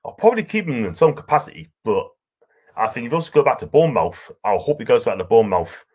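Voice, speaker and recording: A man's voice: mid-range voice, very animated, fast talker, a little mellow, slightly rough. A man with a broad North East English accent hosting a live stream, chatting casually and reading out viewer comments in a rambling, affectionate way. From North East England. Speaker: livestream host.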